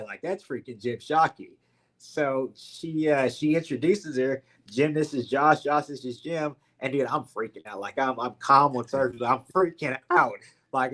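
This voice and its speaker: A slightly bright, mid-range voice belongs to a young Louisiana man speaking at a moderate pace with a Southern accent. Appearing on a podcast, he tells his story in a casual, animated way, dropping "like" and "man" constantly.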